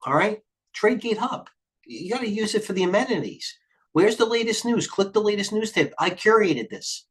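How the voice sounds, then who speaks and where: A man's voice: high voice, expressive, a bit bright. Rambling middle-aged male trading host. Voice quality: occasional cursing, blunt and fast-thinking. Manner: rambling, jumps between tangents. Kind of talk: live market commentary.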